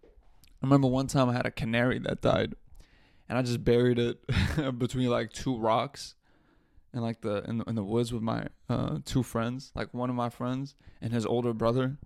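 A man's voice: mid-range voice, normal speed, creaky, dry recording, studio quality. Profane storytelling podcast host, a man. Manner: profane, animated storytelling with laughs. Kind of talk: casual storytelling.

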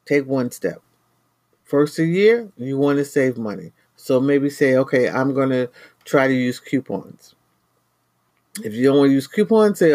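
A man's voice: medium pitch, a little mellow, no echo. A man from New York hosting a money-saving show, talking earnestly and casually to his viewers as family, with a lot of repetition. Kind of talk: casual motivational talk to viewers.

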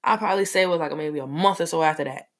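A woman telling a personal story in a casual, animated way, full of fillers. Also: low voice, rapid-fire.

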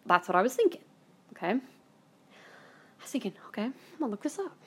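A woman hosting a show, telling a story from her own life in a casual, rambling way, blunt and quick to swear. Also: fairly high pitch, very animated, fairly bright tone, slightly rough. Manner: chatty and blunt, swears freely; rambling, with many fillers and self-corrections. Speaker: podcast host.

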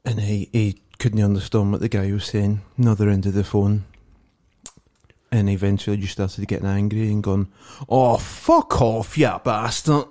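A man's voice: lowish voice, monotone, moderate pace, warm tone. A Scottish man co-hosting a casual podcast, telling rambling anecdotes with lots of swearing and laughter. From Scotland. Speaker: podcast co-host. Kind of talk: casual banter.

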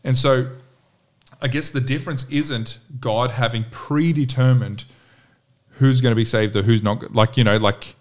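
Man, mid pitch, emphatic, for a casual scripture chat. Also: measured pace. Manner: animated, emphatic, rhetorical questions. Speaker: bible study co-host. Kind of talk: casual bible discussion.

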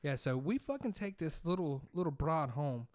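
A man's voice: fairly high pitch, very animated, moderate pace, a little mellow, no room sound, studio quality. Profane laid-back man. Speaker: podcast co-host. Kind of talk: casual storytelling chat.

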